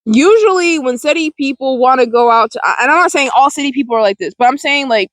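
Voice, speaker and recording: A woman's voice: high voice, animated, fast, fairly bright tone, no room sound, poor audio. Rambling woman in her twenties, dry close mic. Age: 20s. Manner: rambling, many fillers and restarts, laughs often. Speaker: vlogger. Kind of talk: casual film discussion. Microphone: close desk mic.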